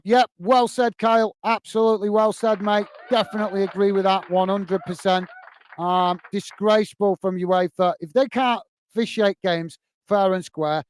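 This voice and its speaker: A man's voice: sits high, a little hiss or hum. A man hosting a football fan live stream, reading out viewer comments and replying in a frustrated, emphatic way that repeats points. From United Kingdom. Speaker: host of a football fan channel.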